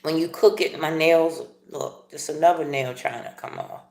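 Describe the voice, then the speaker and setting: A middle-aged woman hosting a casual livestream, chatting in a rambling, playful way with animated asides. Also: low-pitched, normal speed, gravelly, echoey room. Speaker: livestream host. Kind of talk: casual live chat while eating breakfast.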